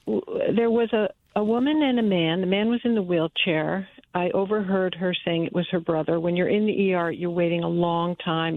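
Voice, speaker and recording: Earnest woman caller on a tinny phone. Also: lowish voice. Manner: earnest, halting, with many restarts. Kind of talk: phone-in storytelling.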